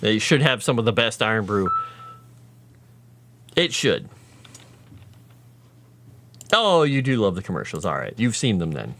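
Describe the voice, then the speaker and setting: A man's voice: fairly low pitch, very animated, measured pace, pauses often, noisy background. A man casually chatting with his livestream viewers, rambling through tangents while working on his lore writing.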